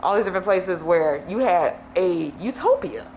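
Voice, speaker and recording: A woman's voice: fairly low pitch, lively intonation, moderate pace, a little mellow. A woman co-hosting a podcast in casual chat, talking emphatically and repeating her points, with some profanity. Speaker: podcast co-host. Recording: echoey room with faint noise.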